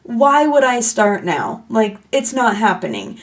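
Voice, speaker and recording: Chatty woman with a gravelly edge. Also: fairly high pitch, very animated, a little slow. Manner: chatty, playful, self-mocking oversharer. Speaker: podcast host. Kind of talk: casual solo podcast chat.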